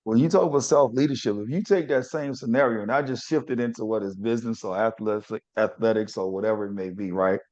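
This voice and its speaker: A man's voice: on the low side, fast talker, few pauses, a little mellow. A man hosting a podcast in casual interview chat, emphatic and repeating his key phrases for weight. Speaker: podcast host. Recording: dull lo-fi sound.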